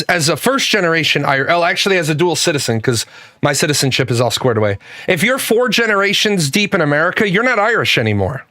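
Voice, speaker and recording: A man's voice: sits high, sharp tone, no echo. Man ranting in profane commentary. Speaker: reaction commentator. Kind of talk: heated reaction commentary.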